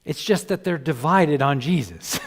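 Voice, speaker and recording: A man preaching a sermon as pastor, animated and conversational, chuckling between points and acting out quoted voices. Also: fairly high pitch, unhurried, husky. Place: church sanctuary. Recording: long church hall reverb.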